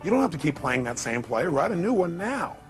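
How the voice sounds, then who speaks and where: A man's voice: on the high side, big pitch swings, brisk, faint music behind. A man giving a motivational seminar talk, emphatic and firing rhetorical questions at his audience. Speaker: motivational speaker.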